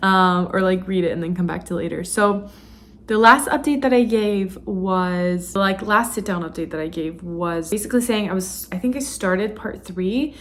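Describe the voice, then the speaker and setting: A woman's voice: medium pitch, normal speed. A woman vlogging casually about a book she is reading, talking emphatically with frequent fillers and restarts, sometimes reading passages aloud.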